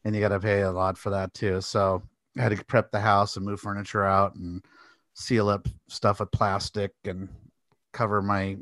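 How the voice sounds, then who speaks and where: A man's voice: on the low side, normal speed, no echo. Rambling, laughing podcast co-host man. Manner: rambling, animated, laughs often. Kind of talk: casual chat.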